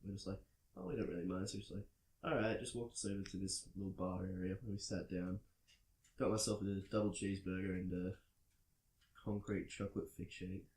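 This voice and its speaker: A man's voice: deep voice, a little fast, a little mellow, echoey room, poor audio. An Australian man hosting a casual chat, telling rambling stories full of fillers. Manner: rambling storyteller, full of "like" and "bloody". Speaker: podcast host. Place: indoors at a friend's home.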